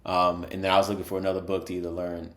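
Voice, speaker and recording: Man, very low voice, casual podcast chat, rambling stories, echoey room. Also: completely flat delivery, very fast. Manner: laid-back, laughs often, rambling stories. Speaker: podcast co-host.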